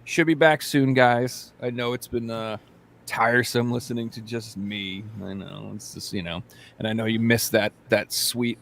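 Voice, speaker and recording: Rambling, jokey podcast host man. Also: medium pitch. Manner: rambling, jokey, lots of fillers and restarts. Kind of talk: casual chat.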